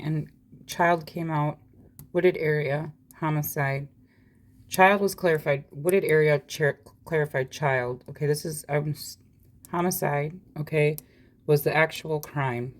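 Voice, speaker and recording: Low-voiced chatty woman reading tarot. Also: a little mellow. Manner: chatty, rambling, self-deprecating dry humor. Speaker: tarot reader. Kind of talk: casual tarot reading vlog.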